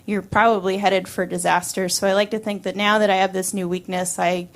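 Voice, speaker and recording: A woman's voice: medium pitch, level tone, fairly quick. A woman in her twenties telling a personal story on stage, chatty and wry, laughing often and using many fillers. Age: 20s.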